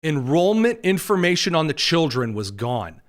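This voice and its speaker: A man's voice: fairly high pitch, sing-song, moderate pace. Sarcastic male livestream host. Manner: sarcastic, mocking asides. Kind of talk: political commentary livestream. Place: studio.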